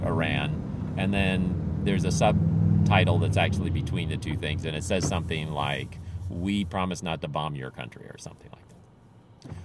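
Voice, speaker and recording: A man retelling a story, acting out the quoted lines with lively emphasis. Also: low voice, very noisy. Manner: animated, reenacts quoted speech.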